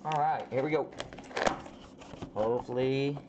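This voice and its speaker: A man hosting a casual card break, calling out players with slow, drawn-out reactions as he opens packs. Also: mid-range voice. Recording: slightly dull audio with faint background noise.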